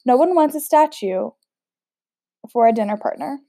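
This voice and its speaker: A woman's voice: high-pitched, expressive, normal speed, dark tone. A woman voicing a strict, sarcastic older woman who teaches etiquette, speaking in a cold, cutting way. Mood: stern.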